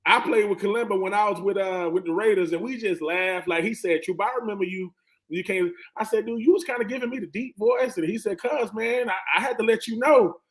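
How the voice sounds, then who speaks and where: A man in his forties, a former football player on a sports talk panel, telling stories in a lively way and acting out what others said. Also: sits high, brisk. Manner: animated storyteller who acts out quoted voices.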